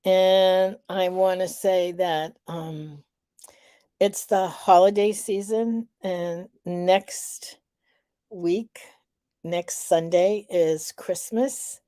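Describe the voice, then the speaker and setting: Slow, low-pitched woman vlogging. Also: fairly even intonation, dry recording, studio quality. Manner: warm, reflective, unhurried with many fillers. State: slightly out of breath. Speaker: vlog host. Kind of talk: casual live vlog reflection.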